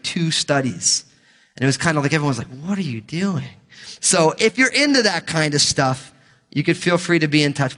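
High-voiced male pastor teaching in a hall. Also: a bit bright. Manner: informal, jokey asides between scripture readings. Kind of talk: conversational Bible teaching.

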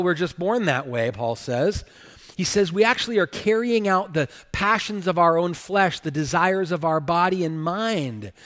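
A man's voice: a little high, fairly bright tone, big-room sound. A male pastor preaching a sermon emphatically, often checking in with rhetorical questions.

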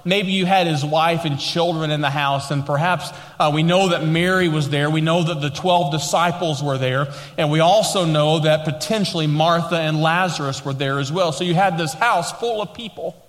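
Preaching man in a reverberant hall. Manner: emphatic preaching, slowing and rising for stress; reads scripture aloud in a lower, quieter voice. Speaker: pastor. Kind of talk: sermon.

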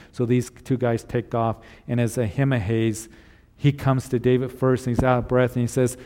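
A man preaching a sermon, reading scripture and retelling it in casual words, then gently encouraging his listeners. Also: medium pitch, flat delivery, normal speed, big-room sound. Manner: retells scripture in casual paraphrase with acted voices; earnest, encouraging. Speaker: pastor.

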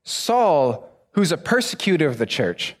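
A young man preaching, telling a personal story with lively acted-out voices. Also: a little high, measured pace. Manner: animated storyteller, acts out voices. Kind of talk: sermon storytelling.

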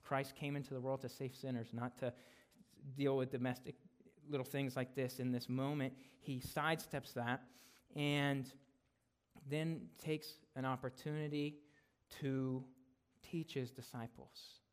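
Man preaching, mid-range voice, casual and conversational, pushes louder to stress a point and softens to finish it. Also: level tone, unhurried. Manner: conversational, often tags lines with "right?"; grows louder and higher on emphasis, drops soft to close a point. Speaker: guest preacher. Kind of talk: expository sermon.

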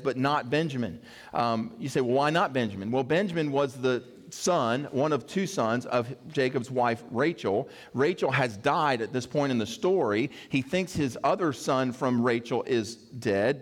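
A pastor giving a sermon, reading scripture and adding conversational, joking asides. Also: male voice, medium pitch. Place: church sanctuary. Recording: echoey hall reverb.

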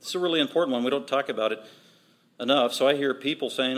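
A male pastor preaching a sermon, emphatic and repetitive, with quick asides. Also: mid-range voice, fairly bright tone.

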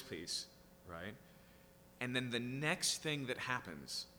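A man's voice: medium pitch, bright, forceful tone, long reverb tail, a little hiss or hum. A man preaching a sermon, reading scripture aloud and explaining it in a conversational way with frequent "right?" asides. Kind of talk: sermon, Bible teaching.

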